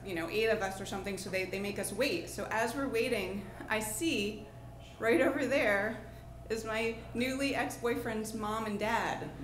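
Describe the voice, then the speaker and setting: A woman's voice: on the high side, a bit bright. A woman in her thirties from New Jersey, telling an improvised personal story to a live audience in a chatty way, full of fillers. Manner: chatty, lots of fillers and restarts, laughing along. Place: pub stage. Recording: echoey pub room with faint noise.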